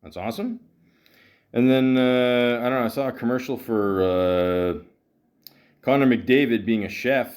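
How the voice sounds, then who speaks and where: A middle-aged man from Canada hosts a podcast in loose, rambling talk about hockey. He swears freely and trips over his words with fillers and restarts. His voice sits at an ordinary pitch for a man. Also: unhurried, pauses often, a little mellow. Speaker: podcast host.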